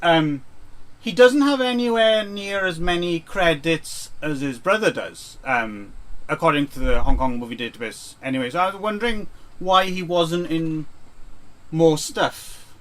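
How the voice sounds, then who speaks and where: Brief: male co-host, slow and halting, slightly high voice. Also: expressive, fairly bright tone, low-quality recording. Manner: hesitant, many ums and uhs. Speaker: podcast co-host. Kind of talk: casual chat.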